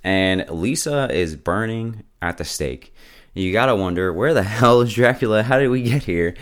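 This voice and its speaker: A man's voice: lowish voice, expressive, normal speed. A man hosting a show, casually recapping an episode in a slangy, laid-back way and chuckling often. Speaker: show host.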